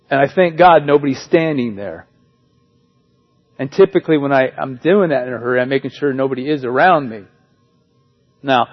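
A man's voice: fairly high pitch, lo-fi sound. A man preaching a sermon as pastor, in a conversational way with joking asides.

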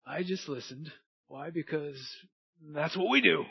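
Preacher, male, earnest sermon, fairly high voice, dry dull lo-fi sound. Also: measured pace, vocal fry, slightly rough, no echo. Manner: earnest, swings from hushed to emphatic.

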